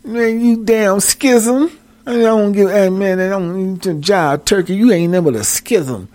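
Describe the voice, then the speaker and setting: A man's voice: high-pitched, a little slow, a little mellow, dry recording, voice pushed up. A man voicing a brash, jive-talking man from biblical times, delivered in a raised, exaggerated slang voice. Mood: mocking.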